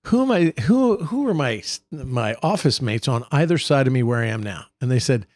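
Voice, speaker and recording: A man's voice: medium pitch, very animated, moderate pace, darkish tone, dry recording. Man, casual podcast storyteller, does impressions, dry close mic. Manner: joking storyteller who mimics colleagues. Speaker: podcast co-host and state senator.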